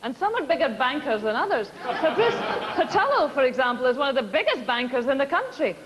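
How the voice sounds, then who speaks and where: A woman's voice: high voice, big pitch swings, quick pace, big-room sound, highs cut off, crowd noise. A Scottish woman presenting a TV comedy show, delivering scripted links in a dry, wry way.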